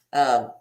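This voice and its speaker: A woman with a low voice that swings widely in pitch, hosting a casual live chat with her viewers. She rambles, starts sentences over, laughs often and reads comments out as she goes. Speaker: livestream host.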